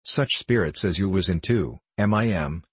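A man's voice: low voice, animated, normal speed, breathy edge, no room sound. A man reading the part of a fawning, sniveling young maidservant.

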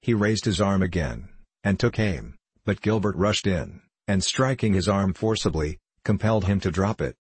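A man narrating an audiobook in a steady, measured reading style. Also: low-pitched, slightly rough, no room sound. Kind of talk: scripted narration.

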